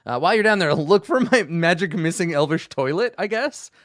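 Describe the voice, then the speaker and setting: A man's voice: on the high side, lively intonation, fairly quick, fairly bright tone, dry recording, clean studio sound, voice pushed up. A man voicing a chatty male adventurer who passes on rumors in an offhand, conversational way. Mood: casual.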